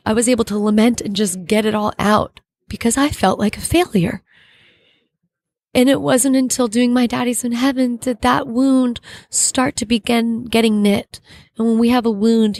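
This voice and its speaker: A middle-aged woman, an actress being interviewed, giving an earnest, halting faith testimony and searching for her words. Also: on the high side, a little mellow, no room sound.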